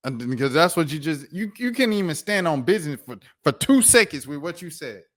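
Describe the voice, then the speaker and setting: Animated man ranting about sports. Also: on the high side, fairly quick. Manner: animated, reads quotes flatly then rants loudly. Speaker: sports commentary host. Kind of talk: casual sports commentary vlog.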